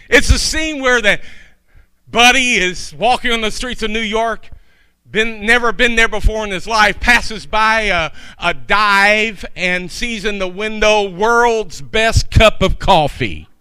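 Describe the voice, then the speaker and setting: A man's voice: high-pitched, pushed and bright, smooth, dry recording. A man preaching a sermon in a folksy, chatty way, with asides to his congregation.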